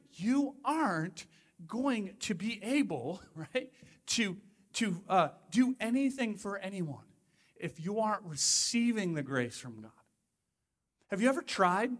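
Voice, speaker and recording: A man's voice: high voice, fairly bright tone, long reverb tail. A male pastor preaching a sermon in a conversational, emphatic way, full of asides to the congregation.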